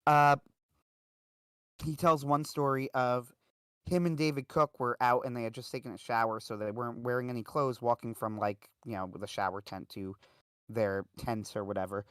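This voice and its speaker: A man hosts a livestream and spins a rambling, casual story thick with fillers such as "uh" and "like." He speaks at normal speed in a steady, smooth, slightly bright medium-pitched voice, recorded dry and clean in a studio.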